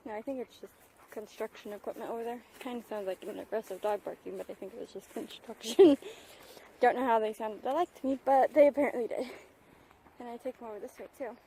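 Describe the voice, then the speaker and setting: A woman's voice: fairly high pitch, darkish tone, a little hiss or hum, rough recording. A young woman vlogging with her service dog at a park, talking casually into a handheld phone, laughing often and calling praise to the dog. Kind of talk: casual vlog narration. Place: outdoors at a park. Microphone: handheld phone camera.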